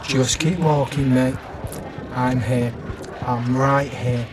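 A young Englishman, played by a man with a mid-pitched, ordinary voice, coaxing his friend along. He talks steadily and reassuringly, firm when he needs to be, over a faint hiss. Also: steady tone, slow, close to an everyday voice. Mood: calming. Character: young man, steady friend looking after a drugged mate. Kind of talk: audio drama acting.

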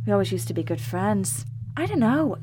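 An actress playing a sharp-tongued, bantering woman at a wedding, in a TV drama. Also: mid-range voice, sing-song, moderate pace, background noise, lightly acted. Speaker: wedding guest avoiding an old friend. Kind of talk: TV drama acting.

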